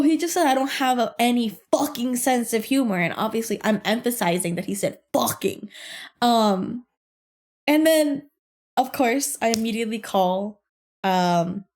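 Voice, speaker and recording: A young adult woman hosting a podcast, telling a workplace story in a casual, animated and profane way. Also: medium pitch. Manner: animated, profane, laughs through her story. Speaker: podcast host.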